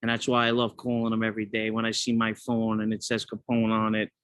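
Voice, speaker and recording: A man's voice: fairly low pitch, completely flat delivery, quick pace, fairly bright tone, clear, resonant tone, dry recording. A man hosting a casual outdoor conversation, talking in an earnest, admiring way. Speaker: host.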